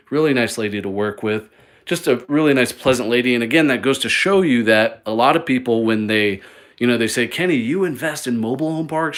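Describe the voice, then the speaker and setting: A man's voice: mid-range voice, fairly bright tone. Upbeat rambling man on a walk-through. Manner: upbeat, rambling, many fillers and restarts. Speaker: mobile home flipper hosting a live stream. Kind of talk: live walk-through vlog. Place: indoors in a small mobile home.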